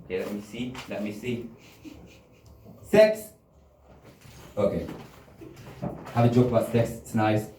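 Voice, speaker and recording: A man's voice: lowish voice, lively intonation, unhurried, pauses often, warm tone, a little hiss or hum. A man doing a crude, rambling stand-up comedy set and laughing at his own jokes. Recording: roomy, from a distance.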